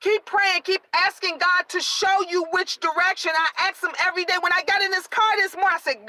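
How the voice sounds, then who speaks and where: A middle-aged woman live-streaming to her viewers, excited and preachy, urging them to keep praying. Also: extremely high pitch, a little fast, hardly any pauses, rough recording. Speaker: vlogger.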